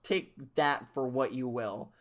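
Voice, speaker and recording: A relaxed man leads a loose, joking podcast conversation. He chuckles often, swears offhandedly, and speaks in a middle-pitched voice. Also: slow. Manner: laid-back, chuckling, swears casually. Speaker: podcast host. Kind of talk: casual comedic podcast chat.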